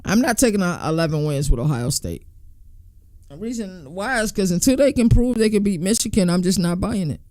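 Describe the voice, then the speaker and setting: A man's voice: high-pitched, lively intonation, a little fast, darkish tone, no room sound, studio quality. A man hosting a sports podcast, talking casually and in slang while he thinks aloud and counts through team schedules.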